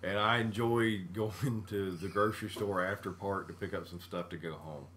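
A man's voice: sits low, fairly even intonation, normal speed, a bit bright, a little hiss or hum. A man, co-hosting a casual podcast chat, telling stories animatedly and laughing mid-sentence. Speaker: podcast co-host.

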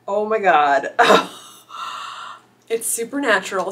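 A middle-aged woman vlogging as an author YouTuber, gushing and squealing with excitement while unboxing gifts, teary-eyed. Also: medium pitch, measured pace, pauses often. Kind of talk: unboxing vlog.

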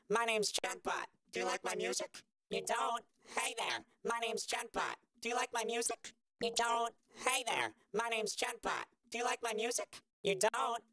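Casting: man putting on a squeaky cocky male robot musician, high and chirpy, slow and gravelly. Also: sharp tone, dry recording, clean studio sound, heavily acted. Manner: goofy, repetitive test lines.

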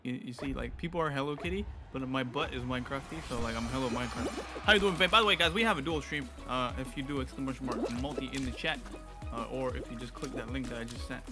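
A man's voice: medium pitch, fast talker. A young man streaming a video game, chatting casually with viewers and a partner, playful and joking. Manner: playful, joking, laughs often. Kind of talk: casual live-stream gameplay chat. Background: game music.

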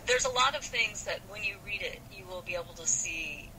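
A woman hosting a literary podcast, thinking aloud with plenty of fillers and restarts. Her voice sits low and comes through a noisy call line. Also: brisk. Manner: hesitant, with many fillers and restarts. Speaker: podcast host. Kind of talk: casual literary discussion.

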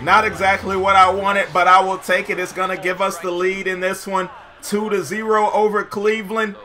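A young man giving jokey, excited commentary over his own baseball video game play, shouting at big plays. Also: high voice, moderate pace, soft background music. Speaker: gameplay commentator.

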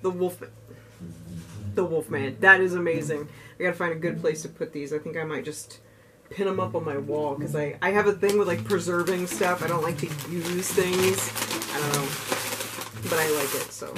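A young woman vlogging as she unboxes gifts, gushing, gasping and squealing with excitement. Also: fairly low pitch, moderate pace, noisy background. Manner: gushing, squeals and gasps often, lively and giddy. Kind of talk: excited casual unboxing chat. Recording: music playing underneath.

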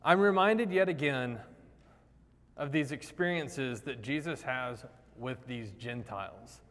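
A man preaching a sermon in a conversational, animated way, acting out the quoted lines. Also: mid-range voice, takes it slowly. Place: church sanctuary. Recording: long hall reverb.

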